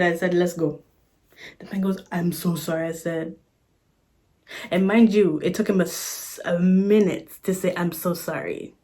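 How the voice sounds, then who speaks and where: A woman's voice: mid-range voice, steady tone, normal speed, dark tone. A woman vlogger telling a story in a casual chat, sassy and exasperated, recorded on a phone camera.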